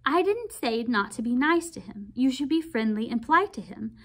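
A woman's voice: on the high side, animated, normal speed, slightly rough. A woman reading as a stern proper aunt. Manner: firm, clipped, disapproving.

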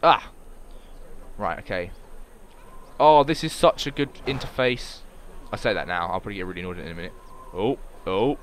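A man narrating his own gameplay in an offhand, unscripted way, swinging his pitch up and down as his mood jumps. He is excitable and swears freely, talking to himself as he builds. A faint hiss of noise sits under his voice. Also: moderate pace, long pauses. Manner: excitable, swears often, talks to himself while playing. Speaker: gameplay commentator. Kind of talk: casual let's-play commentary.

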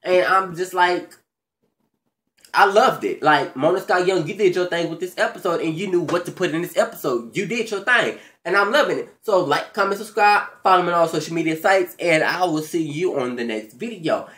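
A man hosting his own video channel, giving a casual, profane, animated recap of a reality show, with big jumps in pitch and loudness and excited stammers. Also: moderate pace. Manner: stammers and restarts when excited. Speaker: YouTube show recap host.

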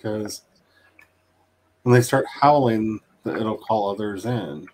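A man with a somewhat low voice jokes casually with friends over a game. He makes wry asides and playful remarks in an easygoing way. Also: slow pace, a little mellow, slight background noise. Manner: joking, wry commentary. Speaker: co-player. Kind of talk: casual gaming chat.

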